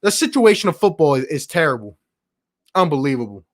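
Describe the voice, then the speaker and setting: High-voiced guy ranting on his live post-game show, fired up and fed up, lots of bro and man. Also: animated, moderate pace, a bit bright. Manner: passionate, exasperated, ranting; casual slang, calls viewers bro and my guy. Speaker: sports talk show host.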